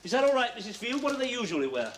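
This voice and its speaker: A fussy, self-important middle-aged father who rambles as he prepares to judge wines. His voice sits fairly high for a man. Faint hiss runs under the old TV soundtrack. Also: big pitch swings, very fast.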